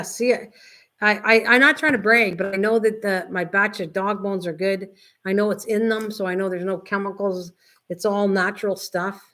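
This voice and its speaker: An older woman hosting a casual craft livestream, chatting in a rambling way and reading viewers' comments aloud. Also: fairly low pitch. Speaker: livestream host. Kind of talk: casual chat with live viewers.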